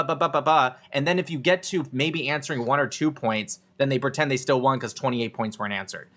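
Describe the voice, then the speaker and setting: A man in a heated online debate who stays measured and a bit dismissive toward his opponent. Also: mid-range voice, fairly bright tone.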